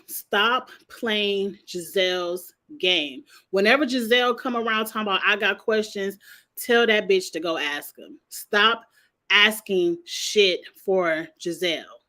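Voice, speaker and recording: A young woman hosting a casual reality TV recap vlog, talking bluntly, swearing freely and animated. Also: mid-range voice.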